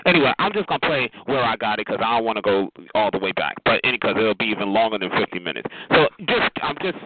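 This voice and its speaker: Hurried man on a noisy phone line. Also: fairly low pitch, animated. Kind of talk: casual chat.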